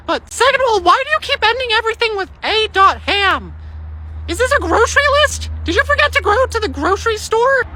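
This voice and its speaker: A young woman voicing a nervous, sarcastic teenage son who talks fast and flustered. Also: very high-pitched, sing-song, noisy background, pitched above the performer's own voice. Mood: exasperated.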